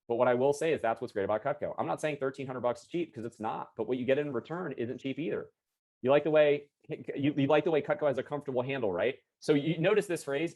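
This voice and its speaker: A man coaching salespeople over a video call, rattling along at a quick pace. His pitch sits mid-range for a man. He is chatty and upbeat, and he often stops to correct himself and restart. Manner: energetic, chatty, self-correcting. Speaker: sales trainer. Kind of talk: live online sales training. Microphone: video call computer mic.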